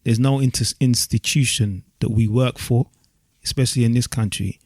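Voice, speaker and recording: A man's voice: medium pitch, steady tone, normal speed, darkish tone, no room sound, clean studio sound. A man co-hosting a casual podcast, talking in an earnest, opinionated way. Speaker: podcast co-host. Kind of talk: casual chat.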